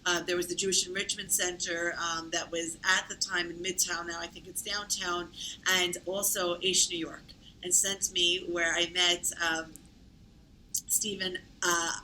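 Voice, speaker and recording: A woman's voice: lowish voice, level tone, unhurried, bright, forceful tone, slight background noise, low-quality recording. A woman telling her own story in conversation, chatty, with many fillers and self-corrections. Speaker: interview guest.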